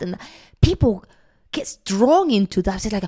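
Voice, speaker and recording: A woman speaks as a guest in a podcast conversation, earnest and encouraging. Her voice sits at a middle pitch for a woman. She pauses often with soft fillers while she gathers her thoughts. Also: very animated, breathy edge.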